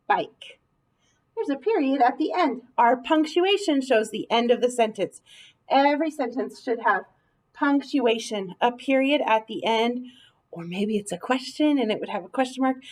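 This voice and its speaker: A woman teacher leading an early reading lesson in a slow, clear, encouraging way. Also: on the high side, low-quality recording.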